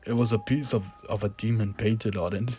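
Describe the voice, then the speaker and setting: A man's voice: lowish voice, fairly even intonation, fairly quick, mellow, natural voice. Man voicing a nervous, faltering man. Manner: faltering, hesitant. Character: nervous, apologetic man confessing a mistake.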